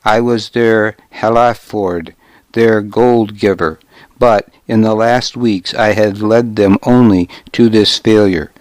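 Low-voiced male audiobook narrator. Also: fairly even intonation, slow, darkish tone, no echo. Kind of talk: first-person novel narration.

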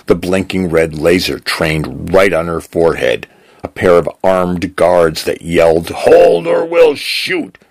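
A man with a gravelly voice reading a story aloud in measured narration. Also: low voice, dry recording. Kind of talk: scripted narration.

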